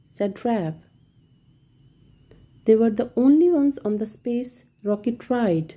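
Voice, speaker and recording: Slow, mellow woman reading a children's story. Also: fairly high pitch, animated, slightly rough. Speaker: storybook reader. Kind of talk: children's story read-aloud.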